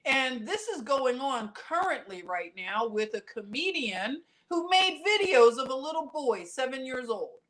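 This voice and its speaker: A woman's voice: high-pitched, measured pace, few pauses. A woman co-hosting a podcast, talking casually and telling stories animatedly. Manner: animated storytelling, acting out other people's reactions. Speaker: podcast co-host. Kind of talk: casual conversational podcast chat.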